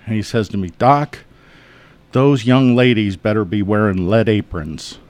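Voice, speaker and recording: Folksy low-voiced man telling anecdotes. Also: unhurried, darkish tone, no echo. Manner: chuckling, folksy, acts out patient voices. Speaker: eye surgeon guest. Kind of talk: relaxed anecdotal storytelling. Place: radio studio.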